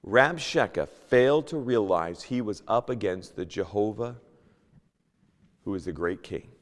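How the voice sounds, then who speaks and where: A man teaching a Sunday school lesson, reading King James scripture aloud and moving between loud emphasis and hushed asides. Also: lowish voice, lively intonation, unhurried, big-room sound. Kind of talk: Bible teaching, sermon. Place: church.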